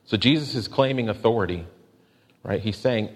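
A man preaching a sermon in a measured way, slowing down to stress questions and quotes. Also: on the low side, slightly rough. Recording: long hall reverb.

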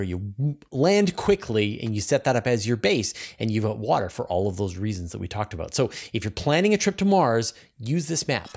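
A man's voice: medium pitch, darkish tone. A Canadian man with a Canadian accent hosting space news, explaining things eagerly and talking straight to his viewers. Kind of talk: casual news commentary.

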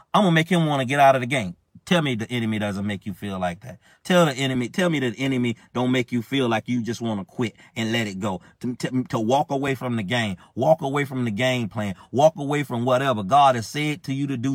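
A man's voice: a little high, a bit bright, no echo, studio quality. A man preaching a sermon with impassioned, repetitive phrasing and a speech-preaching cadence.

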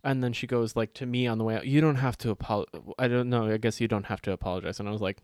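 A man's voice: mid-range voice, steady tone, fast talker, a little mellow, no echo, clean studio sound. A man, co-hosting a casual chat and telling stories animatedly, swearing freely and acting out other people's lines.

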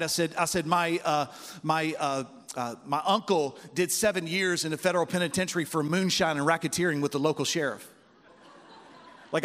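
A man's voice: fairly high pitch, fairly bright tone. A man preaching a sermon as pastor, telling folksy stories and calling out to the congregation. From West Virginia roots, United States. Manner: folksy storytelling with call-outs to the congregation. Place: church hall. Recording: long reverb of a large hall.

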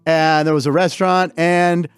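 A high-pitched American man hosting a comedic sports show, joking and rambling with quick asides. His voice is caught close and dry with no room sound. He is middle-aged, with an easy, chatty delivery. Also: steady tone, clean tone, no echo. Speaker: host. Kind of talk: casual comedic sports talk.

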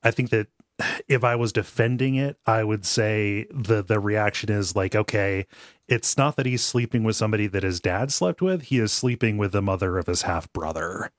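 Low-voiced man rambling casually. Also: moderate pace, no room sound, clean studio sound. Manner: rambling, lots of fillers, laughs often. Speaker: podcast co-host. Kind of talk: casual chat recapping a cartoon episode.

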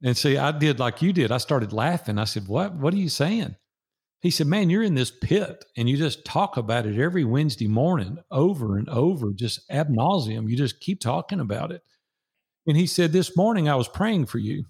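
A man's voice: mid-range voice, expressive, brisk, a little mellow, slightly rough. A man in his sixties, a guest on an interview show, telling a personal story in an earnest, preacherly way and acting out the dialogue.

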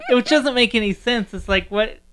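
A woman's voice: a little high, brisk, fairly bright tone, smooth. A woman co-hosting a casual movie chat, talking in a chatty way with frequent laughs and trailing sentences. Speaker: podcast co-host.

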